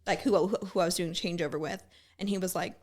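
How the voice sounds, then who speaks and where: A woman's voice: lowish voice, steady tone, fast, a little mellow. A woman, a former military gunner, telling blunt, profane stories in a casual podcast chat. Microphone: studio podcast mic.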